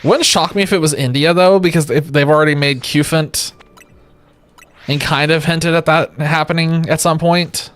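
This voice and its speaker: A man's voice: on the high side, steady tone, moderate pace, fairly bright tone, soft background music. An exhausted man streaming from home, rambling and joking in casual chat with his viewers. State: exhausted from lack of sleep. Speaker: livestreamer. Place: home streaming setup with a webcam.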